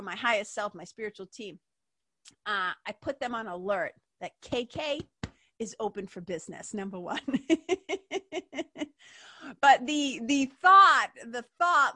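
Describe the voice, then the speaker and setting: A woman's voice: fairly high pitch, bright, forceful tone, no room sound, studio quality. A woman hosting a spiritual podcast, talking casually and emphatically, laughing often and slipping into playful voices. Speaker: podcast host.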